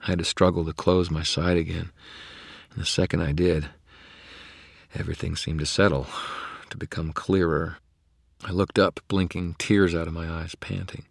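A man narrates a first-person story in a gritty, understated manner, his voice extremely deep and rough with fry. The tone is husky rather than clean, recorded close and completely dry. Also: level tone, moderate pace, no room sound. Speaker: audiobook narrator.

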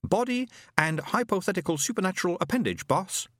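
A man voicing a pompous, booming male robot servant who talks in a fussy, formal, pedantic way. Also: expressive, brisk, a bit bright, dry recording, studio quality. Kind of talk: audiobook character reading.

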